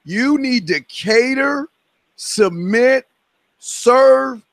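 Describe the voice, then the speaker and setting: A man hosting a podcast, lecturing the room with preachy certainty and drawn-out emphasis. His voice sits high and the sound is dry and close. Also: lively intonation, a bit bright, no echo. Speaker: podcast host.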